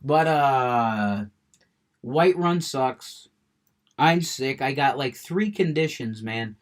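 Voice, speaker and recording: A man's voice: medium pitch, expressive, takes it slowly. A man ranting with heavy cursing, getting worked up, then chatting about a video game he is playing. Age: adult, smoker. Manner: profane, ranting, gets worked up, curses a lot. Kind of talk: unfiltered rant and gameplay chat.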